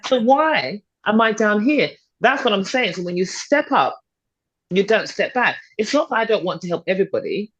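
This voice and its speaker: A middle-aged woman, a fitness and confidence coach, guests on a podcast with motivational, conversational talk, emphatic and persuasive, restating points for stress. Her voice is medium in pitch, sing-song and slightly rough, at a moderate pace. The podcast audio is dull and a bit lo-fi.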